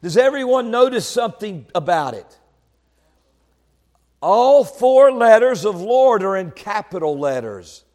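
High-voiced preacher in a reverberant hall. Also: male voice, sing-song, unhurried. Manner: swings from soft asides to shouted proclamations. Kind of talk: sermon.

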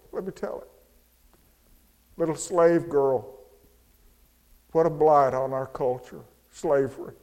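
A man preaching a sermon, moving from hushed, slow storytelling to soaring, shouted proclamation. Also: mid-range voice. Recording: long hall reverb.

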